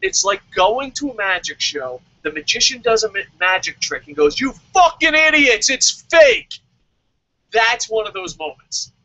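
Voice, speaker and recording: High-pitched excitable man ranting and swearing. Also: normal speed, hardly any pauses, no room sound, highs cut off. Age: adult, calls himself old. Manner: loud, excitable, constantly swearing, acts out mocking voices. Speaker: wrestling vlog host. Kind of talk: profane comedic rant. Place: lives in Tokyo.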